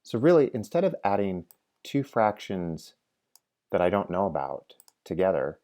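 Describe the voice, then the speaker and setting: A man's voice: sits low, sing-song, normal speed, dark tone. A man teaching programming while he codes, chatty and prompting the viewer to answer along. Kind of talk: live-coding lecture.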